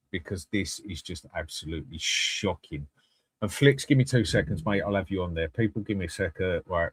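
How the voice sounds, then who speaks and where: A man's voice: low-pitched, no room sound. A man hosting a live fan channel, chatting bluntly with viewers and swearing freely. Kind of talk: live-stream chat reading comments.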